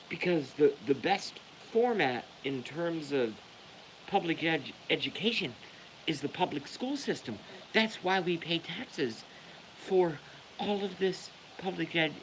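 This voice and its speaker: A man's voice: on the high side, a bit bright, a little hiss or hum, low-quality recording. A man delivering a heated, profane rant to the camera as a vlogger. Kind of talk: angry rant.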